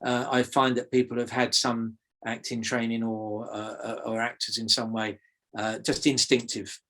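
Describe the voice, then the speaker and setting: English man, softened accent, mid-pitched, halting delivery full of fillers; interview guest. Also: level tone. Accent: English, softened toward RP. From South London, England. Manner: hesitant, many fillers and repeated words. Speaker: magic teacher, guest. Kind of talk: conversational interview.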